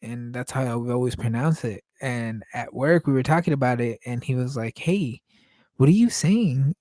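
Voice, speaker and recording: A man whose first language is Spanish, talking in a hesitant, rambling way and often pausing to search for words. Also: medium pitch, fairly even intonation, a little mellow, no room sound. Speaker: podcast host painting live. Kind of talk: casual rambling monologue.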